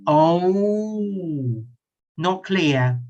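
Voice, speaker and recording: A man who speaks English with a British accent and a Thai first language, teaching an online English class in a playful way, repeating his questions slowly and chuckling often. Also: high voice, lively intonation, darkish tone, lo-fi sound. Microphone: computer mic on a video call.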